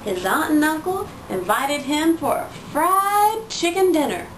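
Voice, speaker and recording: A woman reading a picture book aloud to her toddler in a slow, sing-song storytelling voice. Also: high voice, big pitch swings, distant mic. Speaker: parent reading to her child. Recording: roomy sound from away from the mic, faint noise.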